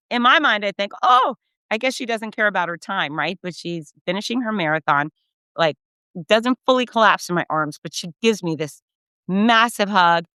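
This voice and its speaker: A middle-aged woman, a race announcer, telling effusive, animated stories in a casual recap and acting out the quotes. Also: medium pitch, clear, resonant tone, no room sound. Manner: effusive, animated storyteller who acts out quotes. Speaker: race announcer and podcast host.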